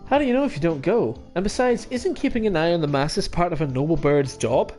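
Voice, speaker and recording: A man voicing a cheerful young female student heroine in a visual novel, eager and chirpy, pitched above his own voice. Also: lively intonation, brisk, darkish tone, faint music behind, natural voice.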